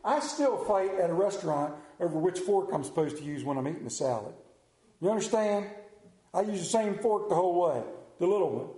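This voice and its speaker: A man preaching a sermon as pastor, conversational and joking, often dropping to a hushed voice. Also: sits high, expressive, a little fast. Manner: humorous, conversational preaching with sudden hushed drops. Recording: roomy church echo.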